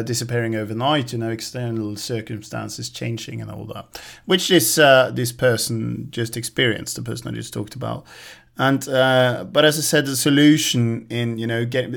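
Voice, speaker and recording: Man, podcast co-host, casual chat, measured, thinks aloud, gravelly. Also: mid-range voice.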